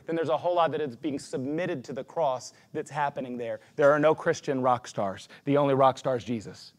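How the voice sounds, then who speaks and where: A male pastor preaching a sermon to a congregation in a lively, personal way, leading them aloud. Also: on the high side. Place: church before a congregation.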